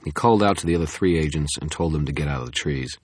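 A man's voice: extremely low pitch, fast talker, husky, dry recording. A man narrating an audiobook in the first person, with wry, tense storytelling into a close microphone.

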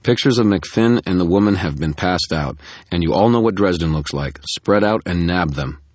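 A man with a very deep, husky voice voicing a commanding woman police lieutenant in an audiobook, barking clipped orders. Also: lively intonation, normal speed, no room sound, studio quality. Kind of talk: audiobook narration.

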